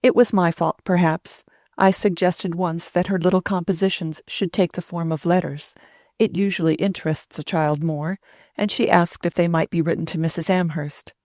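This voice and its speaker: A woman's voice: lowish voice, steady tone, normal speed, a little mellow, no room sound, studio quality, close to an everyday voice. Nervous young governess, apologetic and hesitant, voiced by a woman narrator.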